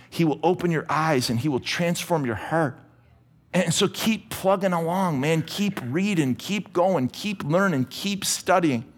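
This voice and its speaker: Energetic pastor, fairly high voice. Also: male voice, breathy edge. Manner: energetic, conversational preaching with quick restarts. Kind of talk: sermon.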